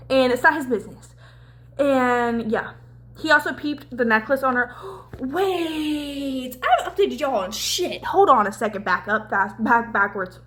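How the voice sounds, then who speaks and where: Young woman, casual vlog chat, lively and profane, slightly high voice. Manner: animated, swears a lot, acts out scenes with quick voices. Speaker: book vlogger.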